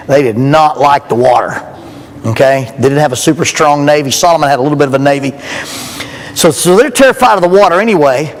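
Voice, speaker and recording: Folksy man preaching in a hall. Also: fairly high pitch. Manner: folksy, joking, animated storytelling. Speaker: youth rally speaker. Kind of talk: storytelling sermon. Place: church hall. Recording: long hall reverb.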